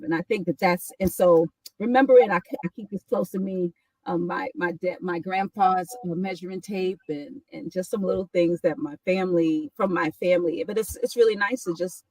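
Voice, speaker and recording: A woman's voice: mid-range voice, no room sound, far from the mic, rough recording. A woman from New York, a guest on a talk show, speaking reflectively with many restarts and "right?" asides. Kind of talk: casual conversation.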